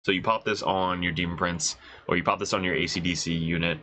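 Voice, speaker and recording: A man with a congested voice, casually reading out and reacting to game rules as a host, excited and swearing, thinking aloud. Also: sits low, fast talker, rough recording. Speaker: wargaming video host reviewing rules.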